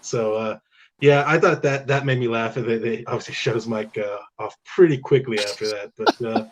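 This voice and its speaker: A man's voice: mid-range voice, moderate pace, noisy background. A man co-hosting a casual sports talk show in an easygoing, conversational way. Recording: slightly dull, muffled audio.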